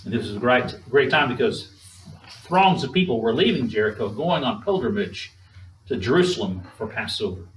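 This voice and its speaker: A man preaching a sermon in a measured, emphatic way, drawing spoken responses from the congregation. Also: medium pitch, sing-song. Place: church sanctuary. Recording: echoey room, distant mic.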